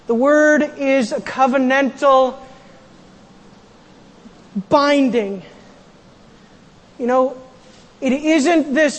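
A pastor preaching a sermon in a church, animated, acting out quotes and raising the voice for emphasis. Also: high-pitched. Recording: long hall reverb.

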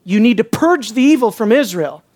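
A high-voiced man preaches an expository sermon in an animated, fairly quick way. He throws out rhetorical questions, goes from hushed to emphatic, and becomes sarcastic while mimicking others.

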